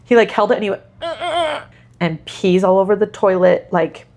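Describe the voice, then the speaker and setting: A woman's voice: mid-range voice, fairly quick. A mother co-hosting a podcast, telling stories in casual chat with lots of laughter. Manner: animated storyteller who laughs often.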